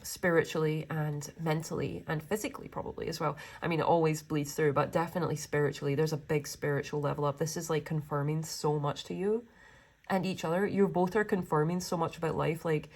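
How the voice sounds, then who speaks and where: A woman's voice: sits low, fairly even intonation, fairly quick, a little mellow. A young woman giving a pick-a-card tarot reading, gushing and emotional, rambling with many fillers. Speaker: tarot reader.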